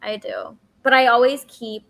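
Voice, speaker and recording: A woman co-hosts a live reading stream over a video call. She sounds relaxed and easygoing, scattering "like" through her sentences and laughing easily as she chats. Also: a little high, normal speed, vocal fry.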